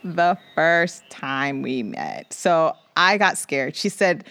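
A woman from the Bronx in her thirties, a podcast guest telling a personal story with animated acted-out quotes. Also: takes it slowly, no echo, clean studio sound. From the Bronx, New York. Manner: animated, acts out quoted voices with big pitch jumps.

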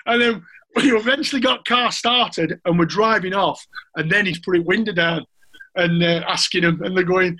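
A man's voice: high-pitched, normal speed, bright, forceful tone, low-quality recording. A middle-aged man with a Yorkshire accent, a former footballer chatting as a guest, telling stories with frequent laughs and restarts. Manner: chatty storyteller, laughs often, restarts sentences. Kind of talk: casual anecdotal chat.

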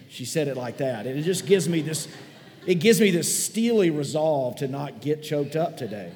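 A man's voice: a little high, expressive, moderate pace, a little mellow. A man preaching a sermon as pastor, telling church memories in a conversational, folksy, sentimental way in a large church hall. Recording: long hall reverb.

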